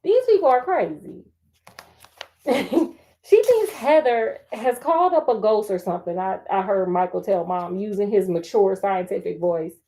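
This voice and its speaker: A woman storyteller with a medium-pitched, unhurried voice reads a book aloud, breaking off for sassy, joking commentary. Her animated asides come with laughter, and there's a little hiss or hum in the background.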